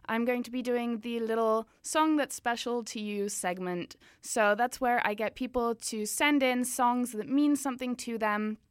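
A woman hosts a casual radio show, drifting between English and French and leaning on filler sounds as she chats. Her voice sits a bit high and comes through smooth and resonant. The studio sound is dry and close. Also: fairly bright tone, no room sound. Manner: switches between English and French mid-sentence; chatty, with frequent filler sounds. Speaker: radio host.

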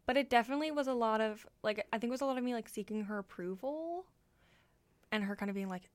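A young woman co-hosting a radio show speaks quickly in a slightly high voice. She chats casually and giggles a lot, filling her talk with "like" and other fillers.

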